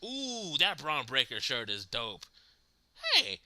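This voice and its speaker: Casting note: lively male streamer, very bright tone, pitch swinging a lot, laughs easily, talks to his chat. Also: takes it slowly, no room sound. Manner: animated, laughs often, talks to chat viewers. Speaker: livestream host reacting to wrestling. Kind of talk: casual live reaction chat.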